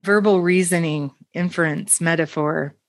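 Woman, podcast host, chatty storytelling, low voice, dry close sound. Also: steady tone, moderate pace, no room sound. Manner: enthusiastic, storytelling, affirming. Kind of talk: conversational panel discussion.

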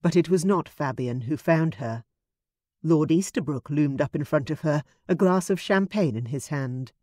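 A woman narrating a period romance audiobook in a measured, expressive studio reading. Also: sits low, dry recording.

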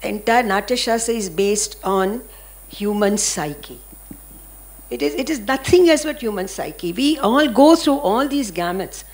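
An older woman with an Indian English accent, speaking as a dance guru on a panel, animated and anecdotal. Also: mid-range voice, unhurried. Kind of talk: panel discussion storytelling.

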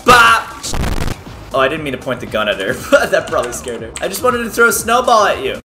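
A man giving excited gameplay commentary, yelping, shouting and making little sound effects as he plays. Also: on the high side, a little fast. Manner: hyper, yelps and shouts, makes "bop" sound effects. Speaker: gaming video creator. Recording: game music playing underneath. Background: game music.

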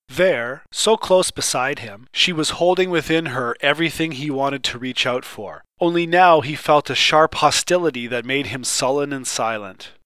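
A man reading a short story aloud as an audiobook narrator, measured and even. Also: medium pitch, no echo. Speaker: audiobook reader.

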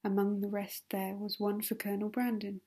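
Woman, ASMR audiobook reader, soothing, even, mellow breathy tone. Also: mid-range voice, brisk. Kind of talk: soft ASMR narration.

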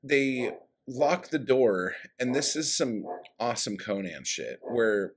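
A man's voice: mid-range voice, lively intonation, slow pace, slight background noise. A man recapping a story in a casual, rambling way, with lots of swearing and fillers, in a room at home. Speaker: book vlogger. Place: room at home by a street window.

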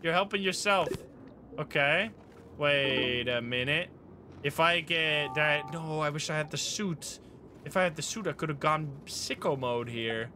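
A man streaming a video game live, commenting casually, swearing and getting excited, with game music playing behind. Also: unhurried, a little hiss or hum. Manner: excitable, swears, jumps high when excited.

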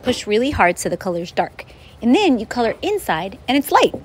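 Woman art teacher, higher voice, animated read-aloud style for kids. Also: a little fast, background noise. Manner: expressive, animated storytelling. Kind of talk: reading a picture book aloud, then art instruction.

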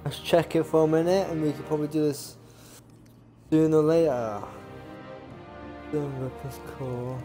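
A man's voice: fairly high pitch, fairly even intonation, moderate pace, pauses often, warm tone, soft background music. A young man casually commenting on his gameplay as a gaming YouTuber, chatty and swearing now and then. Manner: chatty, swears, jokey asides.

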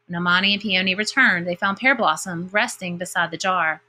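A woman teacher reading a picture book aloud to her class, with expressive delivery and comments of her own in between. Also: fairly low pitch, fairly quick. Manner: expressive storybook reading with lively character voices.

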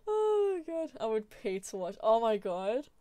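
A young woman with a fairly high voice chats loosely on a live stream, laughing often as she reads and answers her viewers. She is close to the mic in a dry room with no echo. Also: warm tone. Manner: giggly, laughs often, chatty, reacts to chat. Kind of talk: casual live-stream chat while gaming.

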